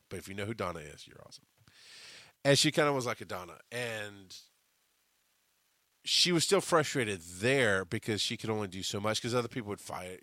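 A man's voice: medium pitch, no echo, clean studio sound. A man hosting a podcast, telling stories in a casual, profane monologue with lots of restarts. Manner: profane, animated storytelling with frequent restarts. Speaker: podcast host.

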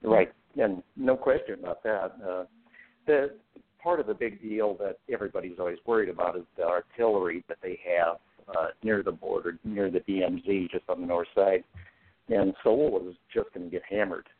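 A male guest on a talk show, telling anecdotes in a relaxed way and laughing often. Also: deep voice, moderate pace. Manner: anecdotal, chuckles while telling stories. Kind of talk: casual talk show discussion. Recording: tinny phone line.

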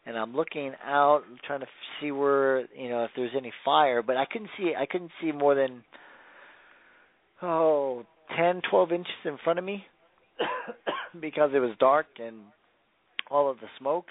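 A man's voice: medium pitch, a little slow. Man telling a story over a tinny phone line. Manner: rambling, many fillers and restarts. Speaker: firefighter guest on a radio talk show. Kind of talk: casual storytelling.

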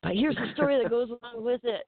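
A woman's voice: a little high, fast, no echo. Profane, laughing woman storyteller on phone line. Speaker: guest fighter. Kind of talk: casual podcast storytelling.

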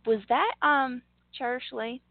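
A woman co-host with a somewhat high voice drops short, agreeable remarks into the conversation. Her voice sounds dry and thin, like it is coming over a phone line. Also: a little slow, creaky, no room sound. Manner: brief supportive interjections. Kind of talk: casual chat.

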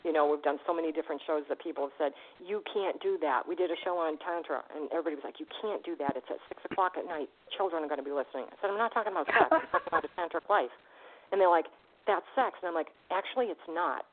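A woman hosting a radio show, chatting with a caller and telling stories in a lively way, laughing often. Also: sits low. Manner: fast, animated storytelling, laughs often. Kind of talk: casual radio interview chat. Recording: tinny phone line.

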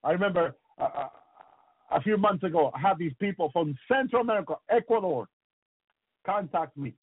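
A man with a fairly high voice preaches on the radio, circling back again and again to calls of brothers and sisters and pleas for mercy. His voice comes through thin and tinny, as if over a phone line, with no room sound around it. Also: lively intonation, normal speed, breathy edge, no echo. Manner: repetitive, addresses listeners as brothers and sisters; frequent pleas of mercy and praise.

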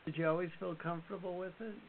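A man hosting an interview, slow and hesitant, often searching for his words. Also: high-pitched, fairly even intonation, gravelly. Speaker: host. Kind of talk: casual interview chat. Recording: tinny phone line with faint hiss.

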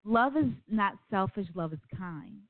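A woman's voice: mid-range voice, expressive, unhurried, no echo. Woman radio host over a phone-thin line. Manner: earnest storytelling, rambling asides. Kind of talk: call-in radio talk. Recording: phone-like, dry sound.

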